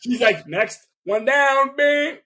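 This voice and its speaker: A man co-hosting a casual podcast, telling a story in an animated way, acting out both sides of a phone call and swearing freely. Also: extremely high pitch, takes it slowly, a crowd in the background. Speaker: podcast co-host.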